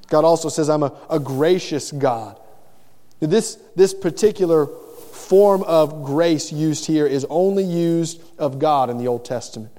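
A middle-aged man, a pastor, preaches earnestly in an unhurried, dark-toned voice that sits on the high side. He tends to say a phrase's first word again before moving on, recorded in a large hall with long reverb.

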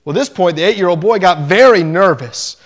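A man preaching a sermon, telling a story in an animated way and slowing down to stress his points. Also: sits high. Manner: storytelling, animated, slows down for emphasis.

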